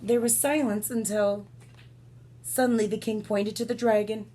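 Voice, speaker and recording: Storyteller: woman, high voice, slow and expressive bedtime read-aloud with asides. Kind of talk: reading a picture book aloud.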